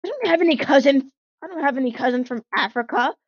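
A woman voicing a furious, foul-mouthed male train engine who shouts and swears at a rival in a fan-made cartoon. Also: sits high, lively intonation, fast, dry recording. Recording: dull lo-fi dry recording.

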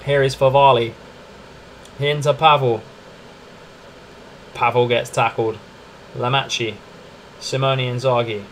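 A young man streaming a football management game, commenting live in a chatty, excitable way and calling to his viewers as lads and mates. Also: mid-range voice, takes it slowly, pauses often, slight background noise. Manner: excitable, chatty, keeps addressing "lads" and "mate".

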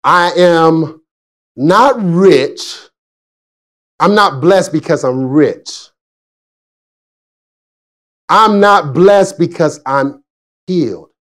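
A man in his forties, a pastor preaching a sermon, telling stories with frequent laughs and swinging between excited and hushed delivery. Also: on the high side, drawn-out words, pauses often. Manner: chatty storytelling with frequent laughs. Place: church service.

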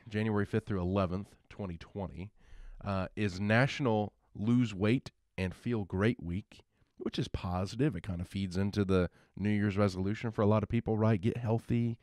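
A man with a low voice co-hosts a casual podcast chat, rambling along and chuckling as he talks. His thoughts often trail off before he picks up again. The sound is close and dry. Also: normal speed, few pauses, no echo. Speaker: podcast co-host.

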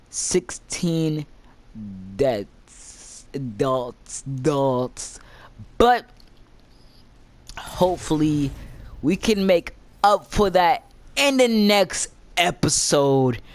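A young man hosting a gaming channel, giving excitable live commentary while he plays, cursing constantly and jumping from shouts to muttering. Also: high-pitched.

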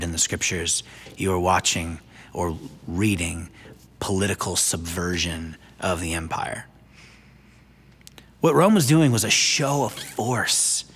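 A man's voice: on the low side, fairly bright tone. Man preaching in a reverberant church. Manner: conversational preaching with asides to viewers at home. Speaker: pastor. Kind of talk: sermon. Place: church sanctuary, online broadcast.

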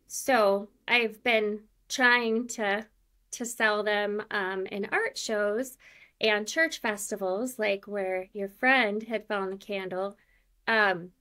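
A woman's voice: mid-range voice, takes it slowly, sharp tone. A woman in her forties with a Minnesota accent, chatting as an interview guest in a self-deprecating way with many fillers. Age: 40s. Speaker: guest, candle maker. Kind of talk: casual interview.

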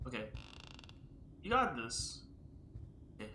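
A man giving panicky, exclaiming commentary as he plays a horror game, often yelling at the screen. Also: fairly high pitch, very animated, unhurried, pauses often, a little hiss or hum. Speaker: gaming video creator. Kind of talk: live gameplay commentary. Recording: roomy echo with loud game music behind. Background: game music.

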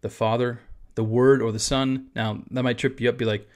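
A man's voice: medium pitch, level tone, normal speed, darkish tone, clean tone. A man, a pastor, teaching about a church confession of faith in a casual, conversational way with asides.

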